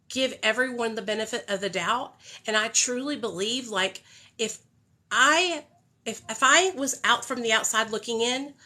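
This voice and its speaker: A young woman talks on a phone livestream in a candid, heartfelt way, swearing freely. Her voice is bright and sits a little high. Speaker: livestream host. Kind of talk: casual livestream talk.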